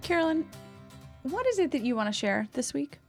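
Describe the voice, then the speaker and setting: Lively, bright-pitched woman co-host. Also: fairly quick, no room sound, faint music behind. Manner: lively reactions and prompting questions. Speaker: podcast co-host. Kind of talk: casual chat.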